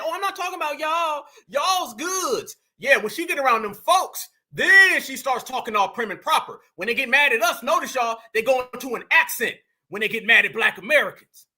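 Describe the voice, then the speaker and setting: A man with a very high, piercing voice, delivering emphatic commentary like he's preaching. He speaks straight to his audience and pushes every point hard. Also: pushed and bright. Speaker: podcast host. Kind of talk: political commentary.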